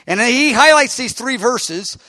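A man preaching a sermon and telling personal stories, animated and self-mocking, swinging between loud and quiet. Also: very high voice, normal speed, no room sound. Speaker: pastor. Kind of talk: sermon storytelling.

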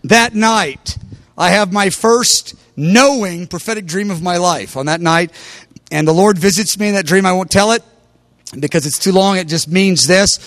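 A man preaching a testimony as a story, animated and breaking into loud exclamations. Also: sits high, normal speed, no echo.

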